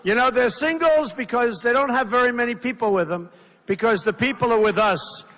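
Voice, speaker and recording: A man's voice: very high voice, brisk, a bit bright. Emphatic older man at a rally podium. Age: 60s. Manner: emphatic, repetitive, off-the-cuff, interrupted by hecklers. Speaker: political candidate speaking at a rally. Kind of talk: campaign rally speech. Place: large indoor rally venue. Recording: reverberant hall with faint crowd noise.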